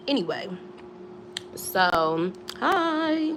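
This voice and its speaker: A woman's voice: mid-range voice, sing-song, measured pace, gravelly, fairly bright tone, slight background noise. A young woman telling a storytime on a live stream at home, slangy and chatty, with many asides. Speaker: storytime vlogger.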